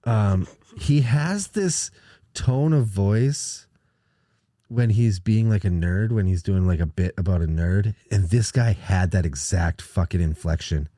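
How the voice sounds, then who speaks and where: A man's voice: low voice, a little slow, warm tone, no echo, clean studio sound. A man co-hosting a casual podcast chat, telling rambling, profane stories with lots of restarts. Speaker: podcast co-host.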